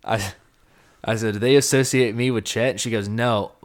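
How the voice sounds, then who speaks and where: A man's voice: mid-range voice, steady tone, moderate pace, noisy background. A young man co-hosting a casual podcast chat, telling a story and acting out the quoted lines. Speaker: podcast co-host.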